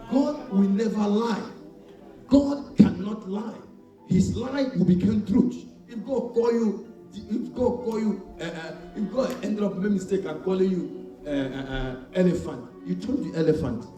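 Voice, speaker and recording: A male preacher delivering a sermon, shouting and calling out for responses from his congregation. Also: high-pitched. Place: church hall. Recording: echoey church hall, mic far off, faint music.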